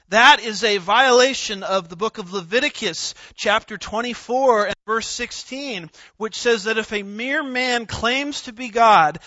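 High-voiced, slow-speaking male preacher. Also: pushed and bright, no echo. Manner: emphatic, deliberate, stresses single words. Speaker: pastor. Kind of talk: expository sermon. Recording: dull lo-fi recording.

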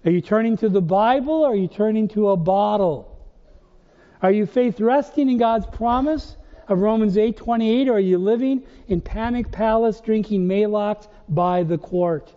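The sermon comes from a pastor with a high-pitched voice speaking at normal speed, punctuated by rhetorical questions that climb emphatically. It's a dull, lo-fi recording from an echoey church hall.

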